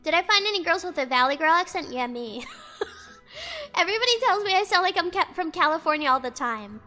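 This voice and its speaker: Rambling high-voiced young woman, swearing casually. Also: very animated, fairly quick, bright, forceful tone, faint music behind. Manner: rambling, swears freely, lots of "like". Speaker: vlogger. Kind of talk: casual storytime rant. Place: indoors, outside noise audible.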